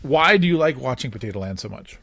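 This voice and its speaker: A male podcast host narrates a cartoon episode beat by beat, his pitch bouncing up and down as the action heats up. He keeps it casual and chatty, chuckling along as he goes, at a middling pitch. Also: fast, creaky, no echo. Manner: animated play-by-play retelling with chuckles.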